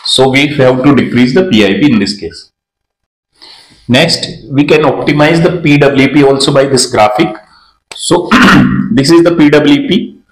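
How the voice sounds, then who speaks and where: Doc going through slides, says each term twice, middle pitch, echoey room. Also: male voice, measured pace. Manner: explains step by step, repeats key terms, restarts phrases. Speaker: neonatologist teaching ventilator graphics. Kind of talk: slide lecture.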